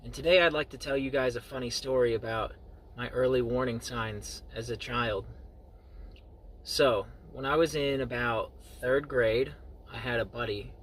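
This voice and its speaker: A man's voice: medium pitch, moderate pace, a bit bright, slight background noise. A man casually telling a personal story to his viewers, chuckling now and then. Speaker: vlogger.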